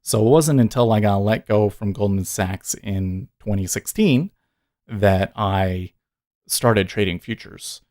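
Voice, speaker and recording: A man's voice: lowish voice, a little slow, mellow, dry recording, clean studio sound. A man in his thirties hosting a day trading livestream, talking casually and earnestly, rambling with frequent self-corrections.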